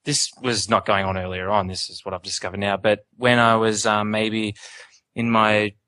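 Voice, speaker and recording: A man in his twenties talking casually on a panel, animated and full of restarts. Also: on the low side, normal speed, dry recording. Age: 20s. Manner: animated, many restarts and self-interruptions.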